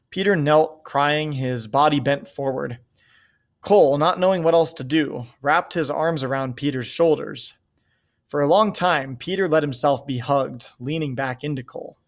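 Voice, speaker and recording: A man reading a novel aloud in a steady, measured way. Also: fairly high pitch. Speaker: reader.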